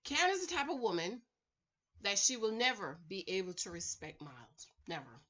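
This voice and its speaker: A woman's voice: mid-range voice, sing-song, moderate pace, fairly bright tone, highs cut off. A woman recording a casual, sassy recap vlog at home, chatting to her viewers and calling them y'all, honey and girl. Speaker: reality TV recap vlogger.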